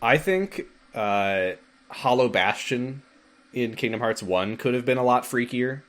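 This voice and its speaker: A podcast co-host chats casually, his mid-range voice expressive and a little slow. He rambles along with plenty of fillers and laughs.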